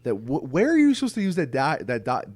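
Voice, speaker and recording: A man's voice: fairly high pitch, wildly swooping pitch, quick pace, darkish tone, dry recording. A man co-hosting a casual podcast, who rambles through plot retellings and swears freely. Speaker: podcast co-host. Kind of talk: casual film discussion.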